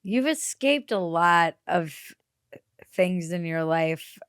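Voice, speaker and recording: A woman hosting a casual interview podcast, laughing often and turning animated when she quotes other people. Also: on the low side, slow, clear, resonant tone, dry recording, studio quality. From East Coast of the US. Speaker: podcast host.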